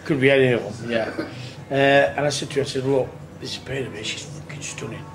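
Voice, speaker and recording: A tribute band singer tells a rambling, earthy anecdote in a casual way, swearing and acting out what people said. His medium-pitched voice moves fast, with music in the background of a noisy on-location recording.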